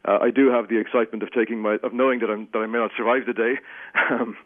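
An Irish man in his forties speaks as a radio guest, quick and chatty. He restarts sentences and pokes fun at himself. The sound is thin and tinny, like a phone call. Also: mid-range voice, steady tone. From Ireland. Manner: chatty, self-mocking, many restarts. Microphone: telephone.

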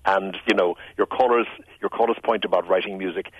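An older man from Ireland with a soft Irish accent, smoothed by years in London, speaking as a radio guest in a reflective, musical way. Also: low-pitched, steady tone, a little fast, no room sound, dull audio. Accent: Irish, Tipperary, smoothed by years in London. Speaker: radio show guest, writer. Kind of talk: relaxed radio conversation.

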